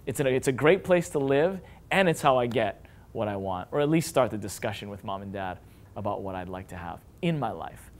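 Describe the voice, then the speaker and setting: A man in his thirties, a father and parenting vlogger, talking casually to camera and now and then mimicking his whiny kids in a high voice. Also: lively intonation, a little fast. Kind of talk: casual advice talk to camera.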